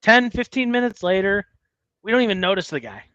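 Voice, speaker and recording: A man's voice: high-pitched, a little fast, no room sound, muffled recording. A man co-hosting a podcast, telling a story in casual chat and acting out the people in it. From United States. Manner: animated storyteller, acts out quotes. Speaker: podcast co-host.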